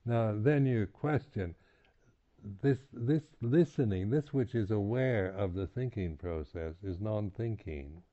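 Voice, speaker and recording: A man giving a reflective dharma talk as a meditation teacher on retreat, halting, with many restarts and repeated words, and soft chuckles between points. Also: on the low side. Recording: tinny, phone-like lo-fi recording.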